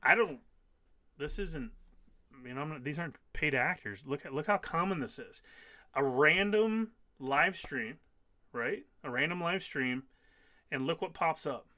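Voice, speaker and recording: A man's voice: a little high, moderate pace, pushed and bright, dry recording. A man in his fifties hosting a casual live stream, reading viewer comments aloud and answering them emphatically, often repeating key phrases. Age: 50s.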